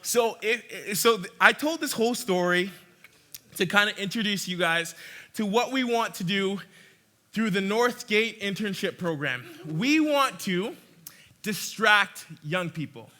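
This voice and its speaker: A young man with a high, very bright voice tells a story from the front of a church. He is animated and chatty, often restarting his sentences and breaking into laughter. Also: moderate pace. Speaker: church speaker.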